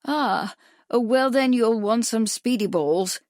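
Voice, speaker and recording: A woman voicing a gruff, crafty, hard-of-hearing old male doctor who asks brusque, clipped questions. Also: fairly high pitch, slow pace, darkish tone, dry recording, clean studio sound, pitched above the performer's own voice. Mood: curt.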